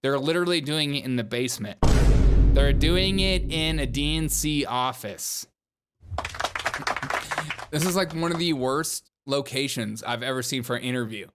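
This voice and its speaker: A man's voice: mid-range voice, normal speed, very noisy. A man hosting a political commentary show, talking sarcastically over clips with mocking, laughing asides.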